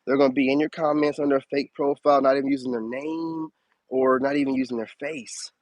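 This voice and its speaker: A spiritual advice streamer preaches in a casual live-stream monologue, fast and animated, his voice swooping way up whenever he stresses a point. The close mic is dry with no echo, though the recording sounds rough.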